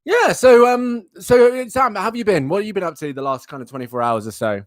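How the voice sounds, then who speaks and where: A man's voice: high-pitched, animated, fairly quick, no echo. Playful man chatting on a livestream. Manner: playful, rambling, self-mocking. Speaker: livestream host. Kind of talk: casual live-stream chat.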